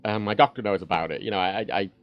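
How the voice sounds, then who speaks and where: A UK streamer with a fairly low voice talks quickly and frankly on his home livestream, rambling through many fillers and restarts. He uses a desk microphone, and the sound is lo-fi.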